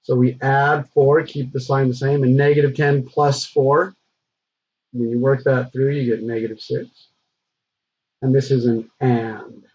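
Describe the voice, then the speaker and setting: Guy teaching math, kinda husky, dull lo-fi sound, chill and chatty with lots of uhs. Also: mid-range voice, a little slow. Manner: relaxed and conversational, with frequent "uh" fillers. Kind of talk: recorded math lesson. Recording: dull lo-fi recording.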